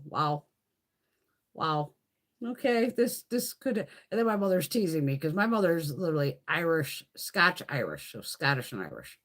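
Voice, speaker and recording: A woman's voice: low-pitched, fairly bright tone. A woman casually chatting on a live beauty stream, rambling and swearing a lot. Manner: chatty, laughs often.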